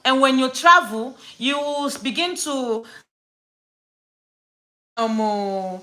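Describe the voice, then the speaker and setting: A Nigerian woman talking straight to camera in a casual storytime rant, her voice bright and ringing. She sits a little high in pitch and hammers her points home by repeating words. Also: lively intonation, drawn-out words, low-quality recording. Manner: emphatic, repeats words for stress, slips into Pidgin. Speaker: vlogger.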